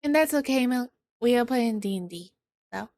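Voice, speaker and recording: A woman streamer chatting casually with viewers in a bubbly, excited high-pitched voice. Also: normal speed. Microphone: desk microphone.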